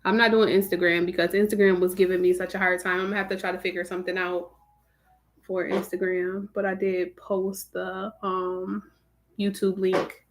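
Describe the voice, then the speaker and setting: A woman's voice: fairly low pitch, little pitch movement, normal speed. A woman hosting a live stream, greeting her viewers by name in a casual, chatty way. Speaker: livestream host.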